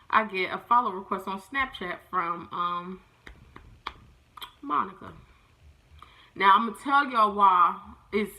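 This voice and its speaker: A young adult woman tells her viewers a casual storytime rant. Her voice is bright and forward, and she sounds exasperated and animated. She keeps turning to her audience as she talks. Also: medium pitch, poor audio. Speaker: vlogger.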